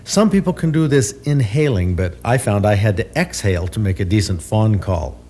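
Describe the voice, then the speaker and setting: A man hosting an outdoor show, asking curious, casual questions in a lively manner. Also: fairly low pitch, moderate pace, a little hiss or hum.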